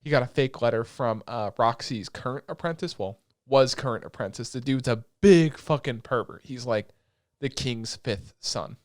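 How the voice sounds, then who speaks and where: A young man co-hosting a podcast, recapping anime in a rambling, excitable way with lots of filler words and swearing. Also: mid-range voice, normal speed, no room sound, clean studio sound. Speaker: podcast co-host. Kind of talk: casual chat recapping anime episodes.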